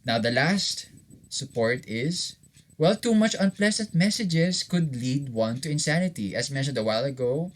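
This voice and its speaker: A man with a Filipino accent, a teacher explaining a recorded lesson and asking viewers questions. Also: medium pitch.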